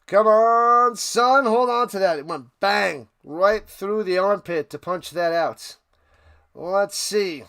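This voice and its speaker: A man hosting a live stream, giving casual play-by-play commentary that bursts into excited shouted calls. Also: high-pitched, slow, clean tone.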